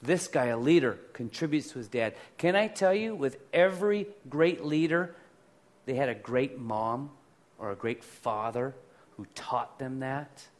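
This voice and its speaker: A pastor telling personal stories in a conversational sermon, swinging between loud bursts and quiet asides. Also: male voice, medium pitch, expressive, a little slow.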